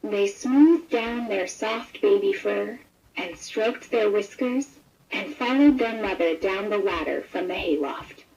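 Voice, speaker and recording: Slow, gentle woman reading a storybook. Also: medium pitch, creaky, slight background noise, rough recording. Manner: gentle, expressive read-aloud. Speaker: storybook narrator. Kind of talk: scripted children's story narration.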